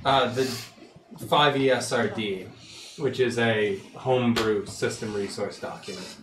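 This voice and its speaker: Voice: medium pitch, unhurried, a bit bright. Player sitting back from the mic, echoey room, a bit of hiss. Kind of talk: casual tabletop game chat. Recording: echoey distant mic with faint noise.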